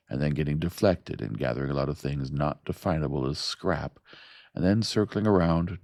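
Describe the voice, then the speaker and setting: A man reading a science fiction novel aloud in a slow, even, soft-spoken narration. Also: extremely low pitch, gravelly, no room sound. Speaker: audiobook narrator.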